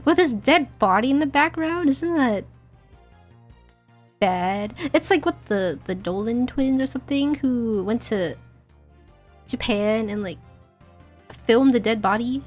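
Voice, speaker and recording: A young woman streaming a game, chatting casually in a giggly, rambling, self-deprecating way, her throat a little dry and husky. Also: a little high, lively intonation, unhurried, long pauses, faint music behind. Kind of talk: casual gaming stream chat.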